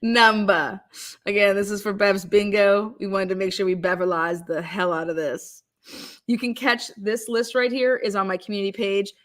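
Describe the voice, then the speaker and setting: A woman hosting a live-stream chat, excitable and giggly, swearing casually. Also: medium pitch, normal speed. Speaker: livestream host.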